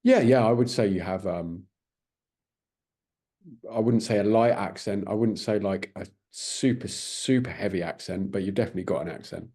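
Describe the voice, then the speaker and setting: A man's voice: lowish voice, normal speed, warm tone, husky. A British man interviewing, polite and hesitant with many ums. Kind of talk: casual interview.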